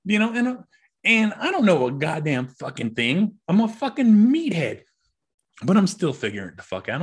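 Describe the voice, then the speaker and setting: A man's voice: fairly high pitch, slightly rough. A middle-aged man hosting a solo podcast, ranting in a frustrated, profane, repetitive way. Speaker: podcast host.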